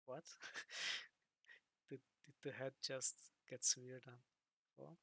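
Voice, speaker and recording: Gravelly, bright-voiced game streamer. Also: male voice, mid-range voice, flat delivery, extremely slow, no room sound. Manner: wry, talks to himself. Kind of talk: game livestream commentary and reading.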